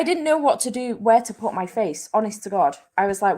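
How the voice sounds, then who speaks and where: A woman's voice: medium pitch, expressive, brisk, a little mellow. A young woman, chatting casually with live viewers, swearing freely and poking fun at herself. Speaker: book channel host.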